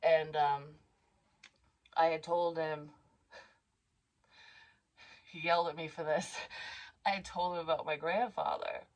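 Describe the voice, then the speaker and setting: Candid swearing woman vlogger, low voice. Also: steady tone, slow pace, long pauses, low-quality recording. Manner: candid, rambling, swears freely. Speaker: psychic medium vlogger. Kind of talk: casual storytelling monologue.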